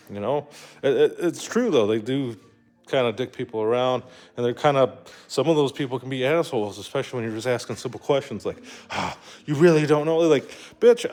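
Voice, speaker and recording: A man's voice: mid-range voice, darkish tone. A young man talking in a casual rambling monologue, full of fillers, restarts and swearing. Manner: rambling, profane, lots of fillers. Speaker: vlogger.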